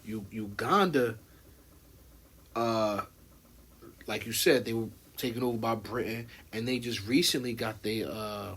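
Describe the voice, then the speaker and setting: A man's voice: fairly low pitch, measured pace, long pauses, a bit bright, slightly rough. A young American man co-hosting a podcast, talking loosely with slang, fillers and restarts. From United States. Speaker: podcast co-host. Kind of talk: casual podcast chat.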